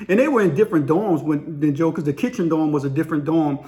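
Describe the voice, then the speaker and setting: A man's voice: on the high side, fast talker, hardly any pauses, mellow. A man telling a story in a rambling, slangy way, full of fillers. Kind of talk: casual spoken storytelling.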